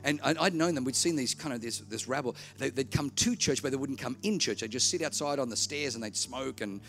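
Animated preacher, gravelly voice. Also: male voice, mid-range voice, brisk. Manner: animated storyteller, acts out voices, swings from hushed to shouting. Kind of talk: sermon with storytelling.

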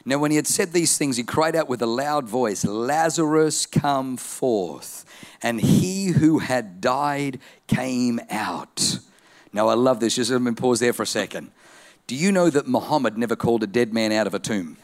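A middle-aged male pastor preaching a sermon, telling stories with energy and building to shouted declarations. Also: mid-range voice, animated, moderate pace.

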